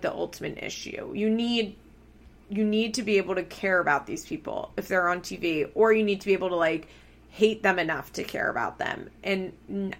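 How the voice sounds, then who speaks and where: A young woman recapping a reality TV show in casual, opinionated chat, blunt and quick to swear when annoyed. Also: medium pitch, fairly bright tone.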